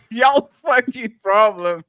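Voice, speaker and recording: A man's voice: extremely high pitch, animated, slow, sharp tone. A man hosting a live panel show, reading viewer comments aloud with exaggerated, laughing delivery. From Portugal. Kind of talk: casual chat, reading super chats.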